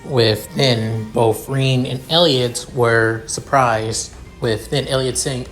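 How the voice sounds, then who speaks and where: A man narrating a fan fiction story in a halting way, with repeated connectives. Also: medium pitch, fairly even intonation, fairly bright tone, faint music behind. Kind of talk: story reading.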